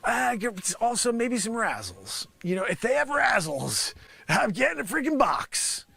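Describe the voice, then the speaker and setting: A man's voice: extremely high pitch, sing-song, measured pace, vocal fry, bright, forceful tone, husky. A man doing an improvised comedic rant, exasperated and rambling. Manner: exasperated, rambling, repeats "freaking". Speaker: comedy performer.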